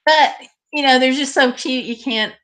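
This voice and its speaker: A woman's voice: high voice, normal speed, fairly bright tone, slight background noise. A woman hosting a live stream, chatting casually and directly with her viewers.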